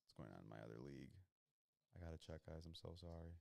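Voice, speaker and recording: A man's voice: extremely low pitch, fast, gravelly, a little mellow, dry recording. A young man hosting, giving loose, slangy commentary while he watches football and reacts to plays. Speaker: podcast host watching football. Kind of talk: casual live-watch commentary.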